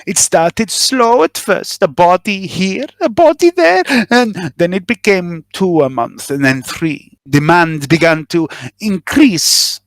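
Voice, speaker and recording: A man's voice: high-pitched, expressive, no room sound, voice pushed up, exaggerated voice. A man voicing a jittery male body smuggler. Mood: confessing. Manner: halting, eager to justify himself. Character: nervous middle-aged male body smuggler confessing.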